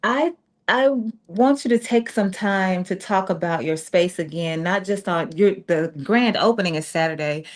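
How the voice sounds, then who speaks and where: A woman co-hosting a radio talk show, asking questions in a lively, playful way from the studio. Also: fairly low pitch, normal speed. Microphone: studio mic.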